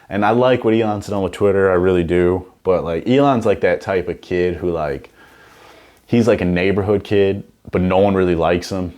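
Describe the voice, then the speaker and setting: Young man, very low voice, comedy podcast host, rambling, crude, casual riffing. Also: darkish tone. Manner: rambling, profane, full of "you know what I'm saying".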